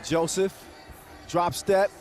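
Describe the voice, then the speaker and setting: Man, live basketball commentary, fairly high voice, lively joking delivery, loud crowd and music underneath. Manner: quick, energetic, joking play-by-play. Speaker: play-by-play commentator. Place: basketball event venue.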